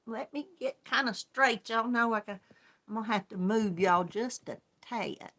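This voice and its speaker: Woman hosting a casual crafting livestream, homey and chatty, bright, fairly high voice. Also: normal speed. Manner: chatty and homey, calls viewers hon. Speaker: crochet livestream host. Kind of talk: casual livestream chat greeting viewers.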